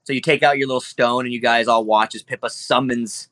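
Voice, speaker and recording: A man's voice: medium pitch, steady tone, brisk, a bit bright, no echo. A man narrating as game master of a tabletop game, rambling loosely with lots of fillers and easy laughs.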